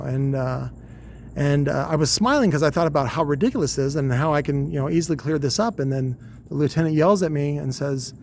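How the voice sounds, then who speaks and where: A man's voice: on the high side, a little fast, a little mellow, slight background noise. A man in his forties casually telling a long, rambling, profane story with wry humor. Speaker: podcast host.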